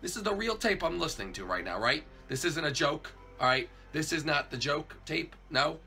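A man's voice: on the high side, lively intonation, moderate pace, sharp tone, soft background music. A man voicing a stammering, panicky night guard. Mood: panicked. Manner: stammering, panicky, repeats himself. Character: jittery failed cop turned night guard, male. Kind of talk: hobby plush-video voice acting.

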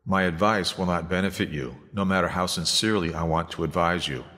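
A patient old prophet, earnest and steady, as a man reads him aloud. The voice sits very low and trails into a long hall reverb. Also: a little fast. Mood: pleading.

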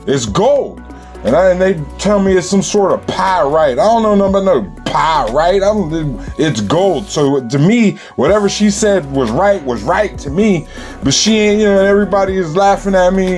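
Slangy man telling a story, higher voice. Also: animated, normal speed, darkish tone, faint music behind. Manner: slangy, streetwise, packed with "you know". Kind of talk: casual storytelling.

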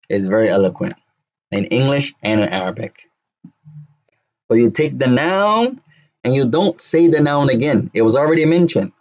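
A man teaching an Arabic lesson, repeating words slowly and drilling phrases to his students. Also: medium pitch, lively intonation, a little mellow, highs cut off. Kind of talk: classroom lesson.

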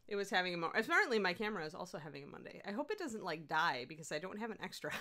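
A woman's voice: very animated, fast talker, hardly any pauses, pushed and bright. A woman hosting a casual livestream, chatty and giggly, rambling about her week. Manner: chatty, giggly, talks to her dog in high baby voice. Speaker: host.

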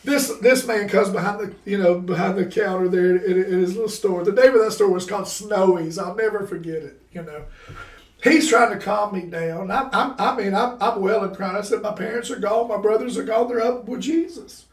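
A man, a podcast guest, telling a personal story with lively, laughing energy and casual exclamations like "bro". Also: high voice, normal speed. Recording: roomy sound from a distant mic.

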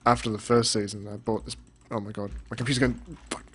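A young man rambling through casual let's-play commentary, deadpan and cursing now and then. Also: fairly low pitch, fast, a little hiss or hum. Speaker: gamer.

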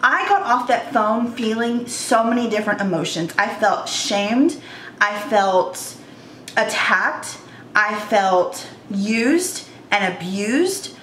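A woman's voice: mid-range voice, expressive, slow, a bit bright, echoey room, a little hiss or hum. A woman in her thirties telling an earnest, emotional storytime vlog about her own experience. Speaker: vlogger.

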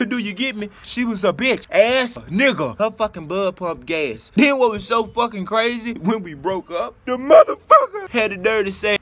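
A young man telling a profane comedic breakup story as a vlogger, loud and animated. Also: sits high, normal speed, hardly any pauses. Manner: loud, animated, cursing, mock voices.

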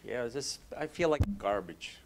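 Distraught man in his fifties, quiet and halting, a guest asking for help. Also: medium pitch, expressive, a crowd in the background, rough recording. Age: 50s. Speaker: guest seeking counsel.

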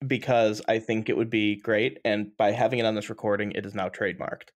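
A man's voice: fairly low pitch, steady tone, brisk. A man co-hosting a podcast in casual chat, rambling playfully through silly ideas. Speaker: podcast co-host.

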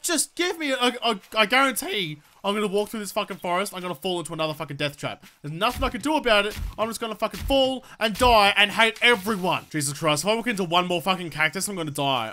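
A man's voice: high-pitched, sharp tone. A man giving let's play commentary, swearing constantly and ranting in exasperation while talking back to game enemies. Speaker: gaming video creator.

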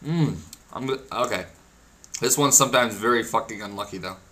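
A young man narrating his gameplay with a bright, sharp tone. He is excitable and crude, swearing freely and laughing or whooping when things go his way. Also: mid-range voice, a little fast. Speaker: gaming video creator. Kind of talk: casual gameplay commentary.

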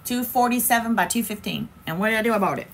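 A woman's voice: on the high side, quick pace, slight background noise. A woman hosts a casual crafting livestream, chatty and playful, talking straight to her viewers.

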